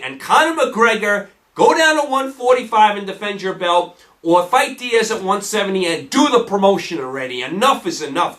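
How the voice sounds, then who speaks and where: A man's voice: sits high, fairly bright tone, distant mic. A man hosting a solo sports talk show, ranting in an exasperated way and firing off rhetorical questions.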